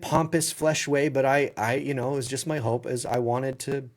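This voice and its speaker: A man's voice: mid-range voice, steady tone, normal speed. A man hosting a casual livestream Q&A, reading out viewer questions and answering them bluntly as he thinks aloud. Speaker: livestream Q&A host.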